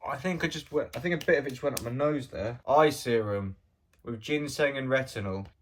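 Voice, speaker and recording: A man chatting casually to camera in a vlog. He rambles and jokes at an ordinary, mid-range pitch. His voice often sinks into quiet, mumbled asides. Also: brisk, a little hiss or hum. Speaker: vlogger.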